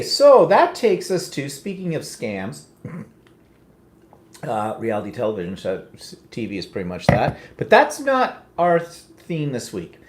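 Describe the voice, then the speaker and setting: Chatty guy hosting a live show, voice jumps all over, echoey room. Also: on the high side. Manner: chatty, teasing, keeps steering the talk back on track. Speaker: co-host of a live chat show. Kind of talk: casual livestream chat. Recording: roomy echo.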